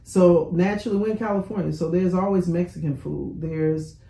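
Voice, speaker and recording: Woman host from Chicago, mellow voice, chatty, echoey room. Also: fairly low pitch, fairly even intonation, a little fast, vocal fry, slight background noise. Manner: chatty, affirming, many fillers. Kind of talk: casual interview.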